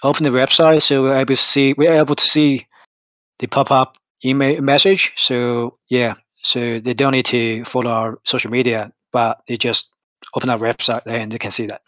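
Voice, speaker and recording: A man answering as a team member in a casual online Q&A, talking quickly and loosely with lots of "like". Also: mid-range voice, flat delivery, fairly bright tone, no room sound.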